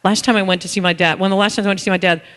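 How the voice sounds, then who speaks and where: A woman's voice: mid-range voice, fairly even intonation, racing, a bit bright. A middle-aged woman, an author, telling personal stories to an audience in a candid, conversational way. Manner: conversational, candid, acts out dialogue with "I'm like". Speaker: author and speaker. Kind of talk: personal storytelling talk. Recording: long hall reverb.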